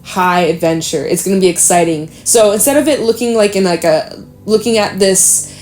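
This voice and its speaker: A woman's voice: medium pitch, normal speed, darkish tone. A woman giving an encouraging, emphatic tarot reading in a casual way, swearing now and then. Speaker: tarot reader. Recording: echoey room.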